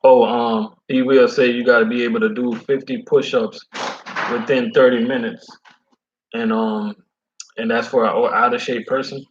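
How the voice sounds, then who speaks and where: Casual male delivery driver, slangy storyteller, mid pitch, muffled lo-fi recording. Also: little pitch movement, normal speed, a little hiss or hum. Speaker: food service delivery driver. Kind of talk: casual chat.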